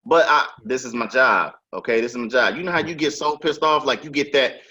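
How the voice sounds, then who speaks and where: A man's voice: medium pitch, fairly quick, bright, forceful tone. A man hosting a podcast, telling a work story in casual, emphatic and profane chat. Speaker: podcast host. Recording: dull lo-fi sound.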